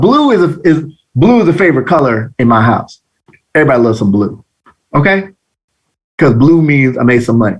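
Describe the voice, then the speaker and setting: A man giving a live online trading lesson, telling animated, slangy stories. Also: medium pitch, fairly quick, slightly rough. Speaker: trading instructor.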